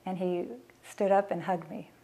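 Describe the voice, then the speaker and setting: A woman's voice: lowish voice, steady tone, normal speed, vocal fry, warm tone. Earnest middle-aged woman telling a personal story. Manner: emotional, earnest, acts out past conversations. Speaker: mother telling her family's story.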